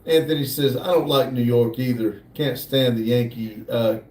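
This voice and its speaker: A man hosting a casual livestream, slowly reading viewer comments aloud in a drawl. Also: medium pitch, fairly even intonation, darkish tone. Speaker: livestream host reading chat. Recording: echoey room, distant mic.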